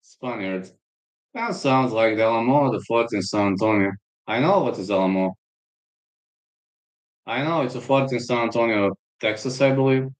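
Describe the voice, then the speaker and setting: A man's voice: mid-range voice, normal speed, pauses often, rough recording. A man with a Serbian accent, hosting a live fight stream and chatting in a rambling, storytelling way while reading chat aloud.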